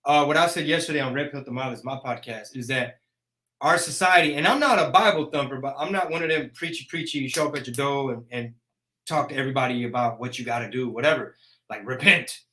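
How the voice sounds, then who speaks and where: Brash, bright-voiced man ranting. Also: medium pitch, fast. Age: 40s. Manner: brash, joking rant. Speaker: host. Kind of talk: casual live chat.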